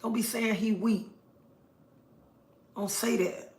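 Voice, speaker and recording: A woman's voice: on the high side, fairly even intonation, slow pace, darkish tone. A middle-aged woman hosting a livestream, talking earnestly and preachily and repeating her points for emphasis. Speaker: livestream host. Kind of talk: casual livestream monologue. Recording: roomy echo.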